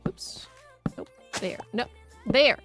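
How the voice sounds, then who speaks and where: A woman's voice: slow, music in the background. A young woman chatting casually while streaming a game, musing aloud and laughing often. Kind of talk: casual live-stream chat while gaming.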